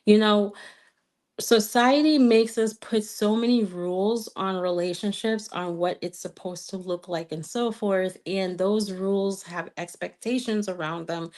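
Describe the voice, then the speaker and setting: A woman's voice: medium pitch, moderate pace, darkish tone. Earnest woman coaching with a slight accent. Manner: earnest, coaching, checks in with frequent "okay?"; repeats key phrases for emphasis. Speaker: twin flame coach. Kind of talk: live stream Q&A, answering viewer comments.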